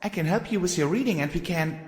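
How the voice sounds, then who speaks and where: A man's voice: high-pitched, quick pace, pitched above the performer's own voice, close to an everyday voice. A man voicing a bossy young filly security pony, brash and pushy, in an echoey room with long reverb.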